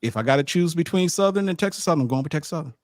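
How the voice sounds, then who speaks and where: A man with an animated, stammering manner, telling a casual story as a sports media host. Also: a little high, rapid-fire, dry recording, studio quality. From United States. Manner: animated, acts out quotes, frequent stammered restarts.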